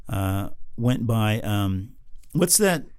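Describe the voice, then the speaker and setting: A man's voice: fairly low pitch, big pitch swings, extremely slow, a little mellow, smooth, dry recording, studio quality. An American man co-hosting a podcast, telling a travel story in casual chat, rambling with lots of fillers and restarts. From United States. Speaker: podcast co-host.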